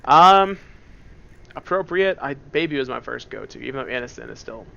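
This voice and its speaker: A man playing a computer game in a dark room at home, with headphones on, talking through it in a playful, joking way. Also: mid-range voice, fairly even intonation, fast talker, creaky, lo-fi sound. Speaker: let's play host. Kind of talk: casual gameplay commentary. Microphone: wearing headphones at the computer.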